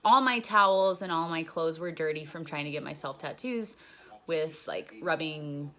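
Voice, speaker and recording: A woman's voice: sits low, moderate pace, fairly bright tone. A young woman casually recounting a personal story, rambling and swearing freely with lots of "like.". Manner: profane, rambling, heavy use of "like". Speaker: storyteller recounting her jail time.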